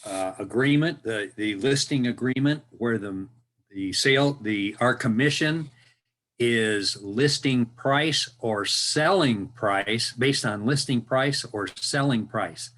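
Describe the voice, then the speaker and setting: A trainee broker, a man, asking a question in a halting way with many restarts. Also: medium pitch, a bit bright.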